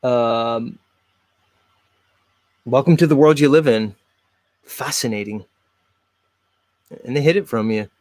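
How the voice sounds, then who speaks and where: A man hosts his own show and rambles through casual commentary on videos. He talks straight to his viewers in a chatty way. His mid-pitched voice sounds close and dry. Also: takes it slowly, long pauses, darkish tone, dry recording. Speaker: host.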